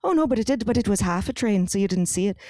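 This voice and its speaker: A woman's voice: mid-range voice, animated, very fast, warm tone, dry recording, clean studio sound, close to an everyday voice. A woman putting on a fake Irish accent to voice cheerfully unhelpful small-town workers in a story, with a breezy sing-song lilt. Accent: put-on Irish.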